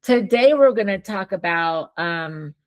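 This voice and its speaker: A woman's voice: mid-range voice, expressive, unhurried. A woman therapist and co-host in casual teaching chat, chatty, often restarting sentences and laughing while she tells stories.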